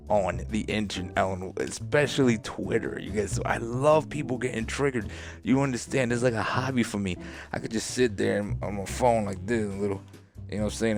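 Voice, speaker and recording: A deep, gravelly man's voice tells a story in a laid-back podcast monologue. He reads out posts with an amused, unbothered chuckle. Soft music sits faintly behind him. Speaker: podcast host.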